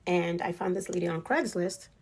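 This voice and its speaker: A woman's voice: lowish voice, normal speed, darkish tone, slightly rough. A woman telling a casual, chatty story, filling her sentences with "like". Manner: chatty, leans heavily on "like" as a filler. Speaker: storyteller sharing experiences with a wealthy family.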